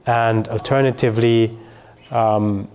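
A man teaching grammar to a learner, explaining patiently with fillers and slow, careful pronunciation examples. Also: lowish voice, level tone, darkish tone. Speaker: German teacher.

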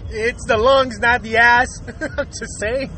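A man's voice: very high voice, steady tone, slow, pushed and bright, faint music behind. A man hosting his own podcast, ranting casually with lots of swearing, fillers and frequent laughter. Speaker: podcast host. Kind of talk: casual profane rant.

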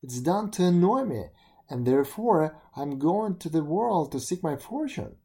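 Proud touchy stag beetle, indignant and complaining, warm low tone voiced by the storybook reader. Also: expressive, measured pace. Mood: huffy.

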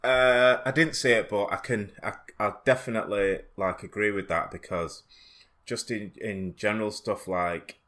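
Low-voiced, teasing male podcast co-host. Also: steady tone, moderate pace, fairly bright tone. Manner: dry, teasing humour. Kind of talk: casual banter.

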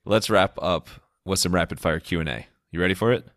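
A deep-voiced man hosts a podcast, recorded dry and close. He sounds playful and upbeat, enjoying his own puns as he steers the interview. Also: fairly quick, a bit bright, dry recording, faint music behind. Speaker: podcast host. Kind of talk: interview questions.

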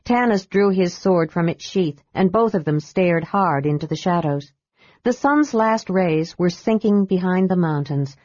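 A woman reading a fantasy novel aloud in steady, measured narration. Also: lowish voice, dry recording. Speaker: audiobook narrator. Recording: dull dry recording.

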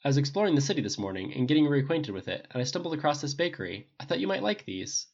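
A man voicing a gentle, earnest adult male soldier with a polite, old-fashioned way of talking, on a dull lo-fi recording. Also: on the high side, sing-song, quick pace, voice pushed up.

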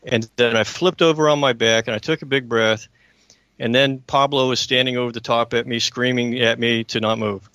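A man's voice: mid-range voice, steady tone, moderate pace, pushed and bright, dry recording. A man hosting a talk radio show, telling a personal story in an earnest, emphatic way and often checking in with his listeners.

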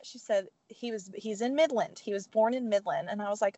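A woman guest telling a personal story in casual talk, animated and teary, acting out the voices of others as she goes. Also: brisk. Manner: animated, acts out quoted voices with big pitch jumps; emotional, teary. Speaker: podcast guest.

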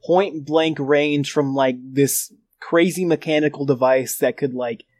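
A man's voice: a little high, steady tone, a little slow, darkish tone, dry recording. A laid-back young man chatting casually on a podcast, filling his talk with "like". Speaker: podcast co-host. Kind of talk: casual chat.

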